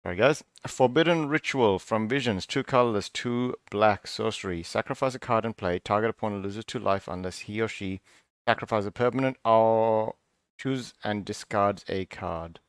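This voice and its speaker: A man's voice: on the low side, moderate pace, clean tone, no room sound, clean studio sound. A man hosting a casual card review, thinking aloud in a musing, half-sarcastic way, often breaking off and restarting. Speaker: card review channel host.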